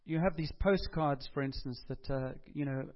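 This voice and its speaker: A man preaching with earnest conviction, his voice sitting a little higher than most men's. He talks conversationally and leans on rhetorical questions. The recording is dull and lo-fi. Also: moderate pace. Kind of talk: sermon.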